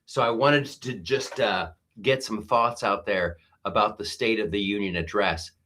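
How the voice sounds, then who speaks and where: A man, a comedian, hosts a live stream and riffs excitably through casual commentary, with frequent fillers. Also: on the low side, unhurried.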